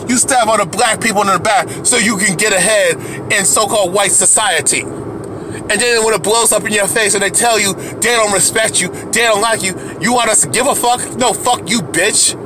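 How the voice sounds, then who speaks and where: Man, heated profane rant, high voice, faint background noise, repetitive restarts. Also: fairly even intonation, moderate pace. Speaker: video commentator. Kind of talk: angry profane rant to camera.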